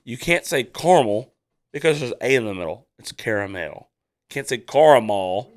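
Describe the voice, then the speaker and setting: Man, podcast host, casual chat, loud and brash, lively pitch. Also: fairly quick. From Southwest Louisiana. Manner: loud, brash, joking and profane.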